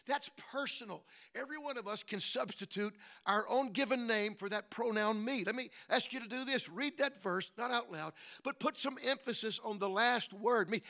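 A middle-aged male pastor with a notably high voice delivers a sermon. He fires rhetorical questions at the congregation and drops frequent amens. His volume swings between hushed asides and loud, stretched-out emphasis.

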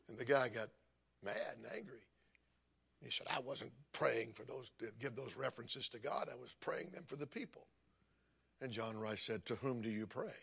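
An older man preaching a sermon, telling stories and building to emphatic, forceful points. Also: medium pitch, gravelly, breathy edge. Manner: storytelling preacher, rising to emphatic calls. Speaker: pastor.

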